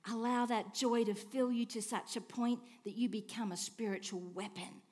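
A woman preaching a sermon, asking rhetorical questions and swinging between hushed and emphatic lines. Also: a little high. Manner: expressive, swings from soft hush to emphatic declaring; slow, deliberate delivery with rhetorical questions.

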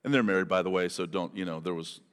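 A man preaching a sermon as pastor, in an animated, conversational way, often turning to people in the congregation. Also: deep voice, fast. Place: church hall. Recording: long hall reverb.

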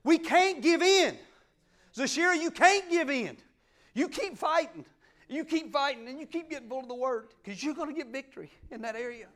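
A fervent middle-aged preacher, his voice pitched unusually high. He swings from ringing, emphatic declarations to quiet, intimate asides as he preaches. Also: animated, normal speed. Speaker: pastor. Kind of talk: sermon.

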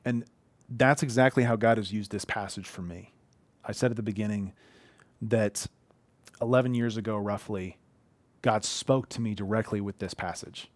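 A man's voice: fairly low pitch, fairly even intonation, moderate pace, long pauses, no room sound. A man in his thirties giving an earnest, conversational sermon from a living room, telling heartfelt personal stories. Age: 30s. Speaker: pastor.

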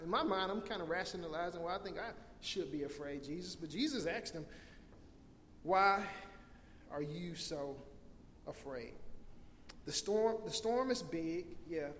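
A man's voice: high voice, a little hiss or hum. A man preaching a sermon as pastor, impassioned, often repeating and restarting his words. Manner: impassioned preaching, acts out scenes in loud cries. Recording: echoey hall with long reverb.

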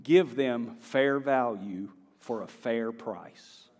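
This Southern American pastor delivers his sermon slowly in a medium-pitched, somewhat dark voice, keeping it folksy and conversational before breaking into emphatic bursts. He stands at the pulpit of a church sanctuary. The recording carries the echo of the hall and a faint guitar.

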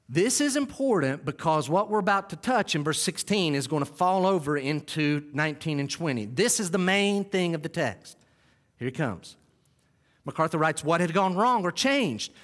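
A man preaching a sermon, animated, swinging between quiet asides and loud climaxes. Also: high-pitched, long reverb tail. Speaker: pastor.

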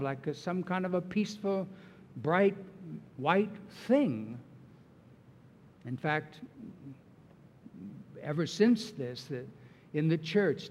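A man delivers a sermon in an earnest, emphatic way, his voice sitting a little high. He takes his time, leaning on key words. The sound rings with the long reverb of a large hall. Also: darkish tone. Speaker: pastor.

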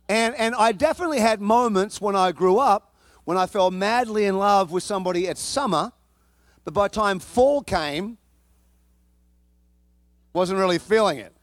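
A male pastor preaching a sermon, telling a personal story in an animated, comic way and often repeating and restarting his words. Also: high-pitched, normal speed, long pauses, no echo.

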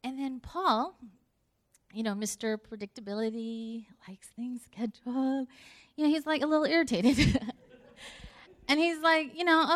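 A woman's voice: a little high, moderate pace, fairly bright tone. A middle-aged woman giving a conversational sermon, telling a story with acted-out dialogue and laughter. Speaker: speaker.

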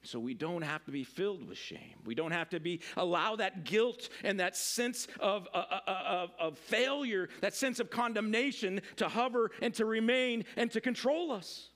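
A middle-aged man preaches a sermon in a high, light voice. He talks to his congregation like a friend, rambling a little, restarting sentences and filling gaps with "like" and "you know.". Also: lively intonation, moderate pace, few pauses, fairly bright tone. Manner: conversational, rambling with many fillers and restarts. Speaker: pastor.

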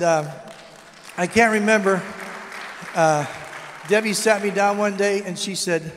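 A high-pitched older man delivering a testimony sermon, lively and storytelling, acting out the voices in his tale. His voice rings with a long reverb, as if heard in a large church sanctuary. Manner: animated storytelling, acts out quoted dialogue. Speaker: guest speaker.

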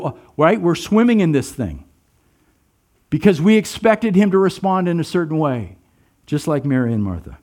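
A man preaching a sermon, earnest and emphatic, asking his listeners rhetorical questions. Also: on the high side. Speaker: pastor.

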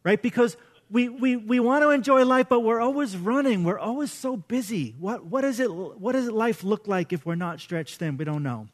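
A middle-aged male pastor preaching to his congregation, animated and interactive, quizzing the audience. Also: high-pitched, moderate pace. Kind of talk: sermon. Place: church service.

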